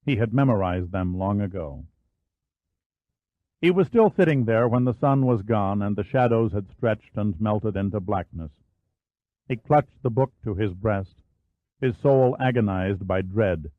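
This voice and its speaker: Low-voiced male audiobook narrator. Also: unhurried, dry recording. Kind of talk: scripted narration. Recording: dry, phone-like narrow band.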